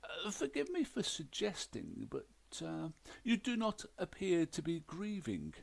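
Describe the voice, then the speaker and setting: A man voicing a deadpan, precise male detective with wry phrasing. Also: a little high, a little slow, gravelly, voice pushed up, exaggerated voice. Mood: probing.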